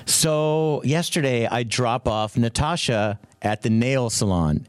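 A middle-aged man co-hosting a radio show, telling a story in an excitable way and acting out quotes in a raised voice. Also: mid-range voice, slow pace, clean tone, no echo. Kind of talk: animated storytelling chat.

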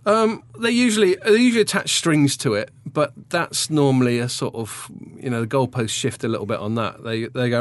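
A man's voice: medium pitch, brisk, hardly any pauses, no echo. A man hosting a podcast, chatty and jokey, often trailing off mid-sentence. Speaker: podcast host. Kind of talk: casual chat.

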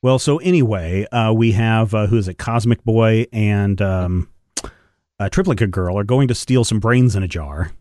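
A man co-hosting a podcast, chatting casually about comics in an animated way. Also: lowish voice, moderate pace, no echo. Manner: animated, acts out quoted lines in funny voices. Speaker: podcast co-host.

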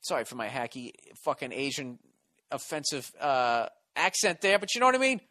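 A man's voice: mid-range voice, very animated, moderate pace, bright, forceful tone. A man with an East Coast American accent hosting a solo comedy podcast, ranting in a profane, sarcastic, rambling way. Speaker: podcast host.

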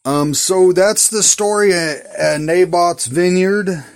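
A man's voice: high voice, takes it slowly. A man casually retelling Bible stories in a rambling, folksy, slangy way. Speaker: Bible storyteller.

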